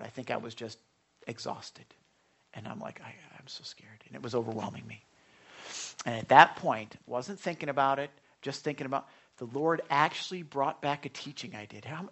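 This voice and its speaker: A middle-aged man preaching to a small group, telling a personal story with sudden hushed whispers. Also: fairly high pitch. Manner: animated storyteller, drops to hushed whispers for inner thoughts. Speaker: pastor.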